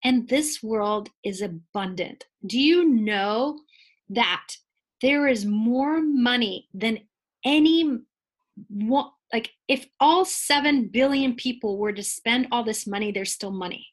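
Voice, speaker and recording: A woman in her forties, a guest in a conversational interview, explaining ideas in a playful, animated way and laughing often. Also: fairly high pitch, slow pace.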